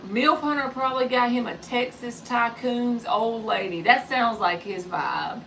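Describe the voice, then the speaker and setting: A woman's voice: on the high side, a little slow, vocal fry, a bit bright, recorded from a distance, poor audio. A woman in her forties chatting casually and jokingly on a live stream as a tarot reader, passing along remarks from someone off-mic. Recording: voice a bit off-mic, faint background noise.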